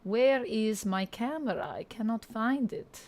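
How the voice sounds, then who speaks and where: A woman's voice: on the high side, a little slow, a little mellow. A woman livestreaming a game on a headset mic, chatting playfully with viewers in a put-on Russian accent. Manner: playful, reads chat aloud, mock-serious. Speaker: gaming livestreamer. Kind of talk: casual livestream chat.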